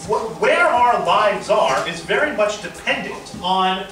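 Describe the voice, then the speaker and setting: A man's voice: sits high, expressive, slow. A male teacher leading a classroom lecture, playfully coaxing answers from students. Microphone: far camera. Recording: echoey classroom from far off.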